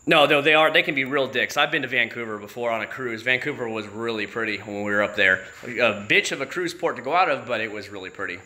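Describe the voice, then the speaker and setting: A man's voice: medium pitch, fairly quick, pushed and bright. A man from Florida chatting casually on a livestream, telling road stories in a chatty, profane, exasperated way. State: married. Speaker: YouTube channel host.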